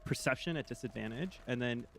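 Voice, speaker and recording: A man narrating as the game master of a tabletop game, unhurried and full of fillers. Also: mid-range voice, vocal fry, a little hiss or hum.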